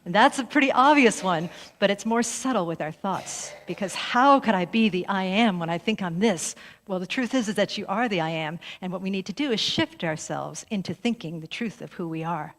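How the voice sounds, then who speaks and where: A woman's voice: mid-range voice, normal speed. A middle-aged woman minister giving a conversational sermon to her congregation, often breaking into laughter. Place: church sanctuary. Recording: long hall reverb.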